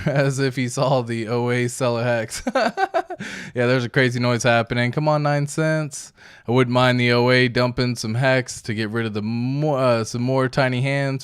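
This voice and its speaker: A man's voice: mid-range voice, clear, resonant tone. A man hosting a casual crypto livestream, reading viewer comments aloud in a laid-back, slangy way and chuckling often.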